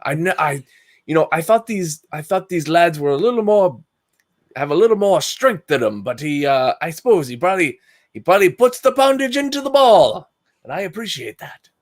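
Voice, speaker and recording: A fussy, gossipy English doctor, as a man puts him on in a tabletop game. He chatters high and bouncy. His sentences keep breaking off and restarting. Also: big pitch swings, moderate pace. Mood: starstruck. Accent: put-on English. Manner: chattering, fussy, self-interrupting.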